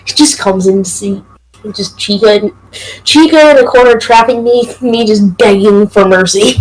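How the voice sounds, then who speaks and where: A woman playing a choose-your-path story game, answering quickly and reacting to the events. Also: medium pitch, rough recording. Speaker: player. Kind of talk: casual role-play.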